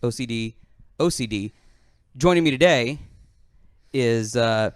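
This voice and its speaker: A man's voice: medium pitch, measured pace, clear, resonant tone. A man hosting a casual gaming podcast, talking in rambling bursts with plenty of fillers. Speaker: podcast host.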